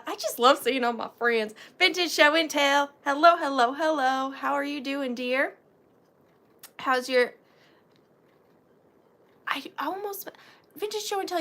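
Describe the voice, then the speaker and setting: A woman's voice: high-pitched, fairly bright tone. A woman with a Southern US accent hosting a livestream, chatting sweetly with viewers and greeting them by name. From Georgia, US. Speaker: livestream host.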